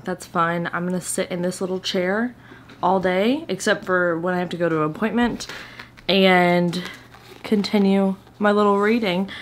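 A woman's voice: medium pitch, a little hiss or hum. A woman, chatting playfully at home as a reading vlogger, sometimes dropping to a whisper. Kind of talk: casual vlog chat. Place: home, indoors.

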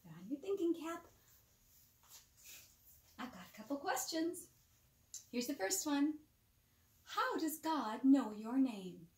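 A woman with a high-sitting voice presents a bedtime Bible lesson for children, speaking slowly and pausing often. She is animated and coaxing, asks questions, and drops into soft whispers. The recording has a roomy echo.

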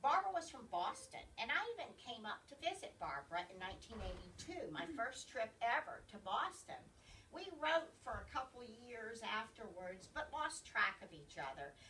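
Southern woman, library travel talk, bright lively delivery, recorded from a distance with faint hiss. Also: a little high, normal speed. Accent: Southern American. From American South. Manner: chatty, digressive, often loses her place. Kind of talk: informal slide presentation. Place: library meeting room.

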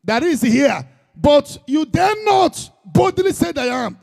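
A man's voice: extremely high pitch, sing-song, measured pace, creaky, darkish tone. A man preaching an impassioned sermon in Igbo-accented Nigerian English, dropping in Igbo phrases.

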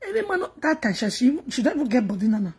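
A woman's voice: on the high side, very animated, fast talker, darkish tone, husky. A woman with a Nigerian accent talking straight to her viewers, pleading and lamenting, repeating herself, often close to sobbing and dropping into whispers. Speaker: vlogger. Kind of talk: emotional monologue to viewers.

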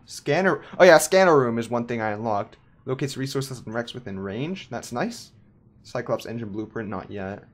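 A man giving casual, self-mocking let's play commentary while building in a game, animated and giggly. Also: mid-range voice. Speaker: gameplay host.

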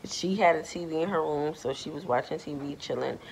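A woman's voice: a little fast, gravelly, a little hiss or hum, rough recording. A young woman casually telling a storytime tale in slangy speech, acting out the people she quotes. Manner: animated, acts out quoted voices in a high pitch; slangy, repeats filler phrases.

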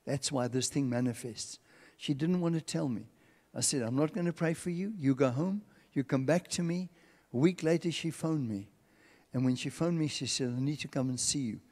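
A man's voice: mid-range voice, a little mellow. A man with a South African accent preaching a sermon, telling stories and acting out the voices of the people in them. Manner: storytelling, acts out quoted voices. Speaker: pastor. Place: large church hall. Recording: long church hall reverb.

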